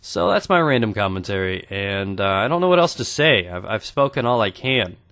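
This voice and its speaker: A young man in his twenties rambles through funny personal stories while commentating a video game. He jokes crudely and swings his pitch up and down as he tells it. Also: moderate pace. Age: 20s. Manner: crude joking, animated storytelling. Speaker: gaming YouTuber. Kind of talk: gameplay commentary with storytelling.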